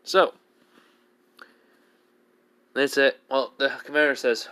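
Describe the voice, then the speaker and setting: A man's voice: medium pitch, measured pace, pauses often, a bit bright, smooth. A man casually improvising a fan-fiction story, rambling and leaning on fillers and self-corrections. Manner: rambling, heavy use of "basically" and self-corrections.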